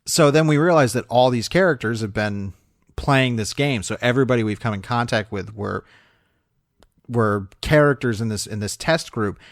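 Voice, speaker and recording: A man's voice: mid-range voice, normal speed, no room sound, clean studio sound. A man co-hosting a film review podcast, talking casually and rambling with fillers, restarts and frequent laughs. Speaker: podcast co-host.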